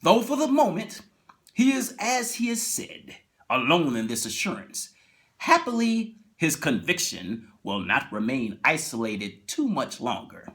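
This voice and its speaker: A man doing an impression of a solemn male TV anthology narrator, speaking slowly and dramatically. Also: a little high, wildly swooping pitch, a bit bright, exaggerated voice. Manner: slow, measured, dramatic delivery.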